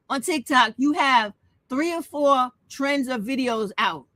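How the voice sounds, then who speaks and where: On her own channel, the host lets loose an impassioned rant, blunt, emotional, and full of profanity. She has a high, slightly bright voice, captured in a dry recording.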